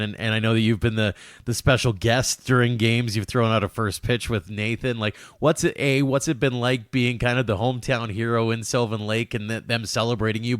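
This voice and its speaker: A man's voice: medium pitch, dry recording, studio quality. A man hosting a podcast interview, asking long, conversational questions. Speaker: podcast host.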